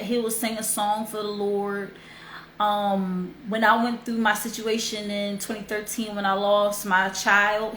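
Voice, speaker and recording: A woman's voice: mid-range voice, a bit bright, a little hiss or hum. A young woman hosting a livestream, telling a heartfelt story in a chatty, emotional way. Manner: heartfelt, chatty, repeats herself. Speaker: host. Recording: roomy echo.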